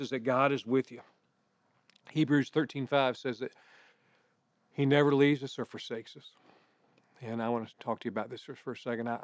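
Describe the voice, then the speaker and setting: A middle-aged man preaches in a relaxed, conversational manner, weaving personal stories into his sermon. His voice is smooth and clear at an ordinary pitch. He is recorded up close, with a dry sound and no room echo. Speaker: pastor.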